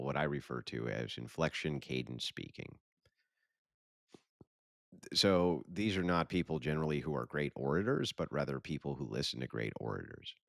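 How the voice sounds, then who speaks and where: Gravelly, very deep-voiced male host. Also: no echo, studio quality. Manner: blunt and opinionated, with frequent restarts and mild profanity. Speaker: host reacting to a clip. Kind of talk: casual reaction commentary.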